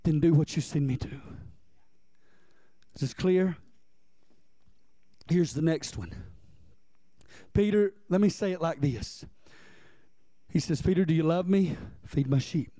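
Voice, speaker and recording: A man's voice: fairly high pitch, a little slow, pauses often, warm tone, no room sound. A man preaching a conversational sermon as pastor, repeating lines for emphasis and asking his congregation questions.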